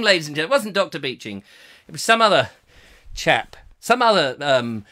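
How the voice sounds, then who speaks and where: A man's voice: fairly high pitch, big pitch swings, a little fast, bright, forceful tone. A man hosting a live comic chat show, rambling and jokey and often breaking off mid-sentence. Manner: rambling, jokey, self-interrupting. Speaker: host.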